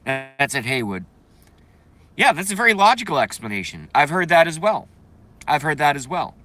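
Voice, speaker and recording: Bright-voiced man ranting on a livestream. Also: a little high, sing-song, normal speed, dry recording, soft background music. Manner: blunt, profane, chatty, reads viewer comments aloud. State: congested, coughing. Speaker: livestream host. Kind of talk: casual livestream rant.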